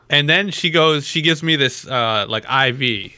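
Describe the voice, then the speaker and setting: Bright-voiced young man telling stories. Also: medium pitch, animated, brisk, few pauses, no echo, clean studio sound. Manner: rambling storyteller, laughs often. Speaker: podcast host. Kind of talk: casual chat.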